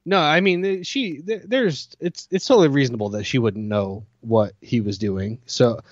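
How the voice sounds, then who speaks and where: Male host, mid-pitched, low-key dry wit, casual movie talk, slightly dull lo-fi sound. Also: moderate pace, no room sound. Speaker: podcast host. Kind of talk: casual podcast chat. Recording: slightly muffled lo-fi audio.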